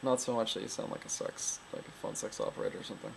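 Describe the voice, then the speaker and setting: A woman's voice: a bass voice, sing-song, fast talker, vocal fry, a little mellow, slight background noise, low-quality recording. A woman giving a casual, rambling voice tutorial, full of fillers and frequent laughs. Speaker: voice coach.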